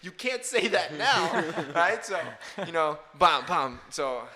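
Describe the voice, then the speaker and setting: A young man co-hosting a casual podcast, telling a story with animated energy and frequent laughter. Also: on the high side, takes it slowly, crowd noise. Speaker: podcast co-host.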